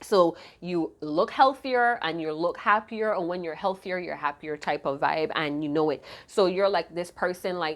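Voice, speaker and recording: A woman with a somewhat low, slightly hoarse voice gives her viewers a casual tarot reading at a moderate pace with hardly any pauses. She's chatty, slangy, and occasionally profane, humming snippets of songs she hears in her head.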